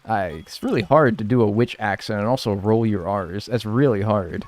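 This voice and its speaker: A man's voice: lowish voice, moderate pace, few pauses, darkish tone, faint music behind. A man streaming live, chatting casually and joking as he reads and answers his chat.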